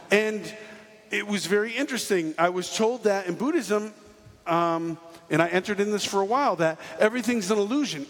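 A man's voice: high voice, slightly rough. A man giving a jokey storytelling talk to a live audience, acting out the people in his story. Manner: animated, jokey, acts out quotes. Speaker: speaker giving a testimony talk. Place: large hall on stage. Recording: reverberant hall with faint ambience.

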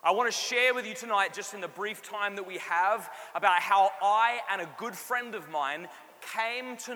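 A man, giving a humorous faith testimony to a live audience and acting out the characters. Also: high voice. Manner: animated storyteller, acts out voices and jokes. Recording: long hall reverb, faint room noise.

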